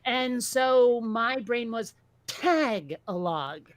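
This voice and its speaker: A woman co-hosting a casual talk show, blunt and animated, swearing freely. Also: fairly high pitch, normal speed, dry recording. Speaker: podcast co-host. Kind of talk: casual chat.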